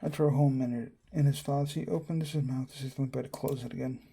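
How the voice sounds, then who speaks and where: A man's voice: mid-range voice, steady tone, fast, vocal fry, dark tone, husky. A man reading a visual novel aloud, doing narration and all the characters in his own voice and reacting as he goes. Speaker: game streamer.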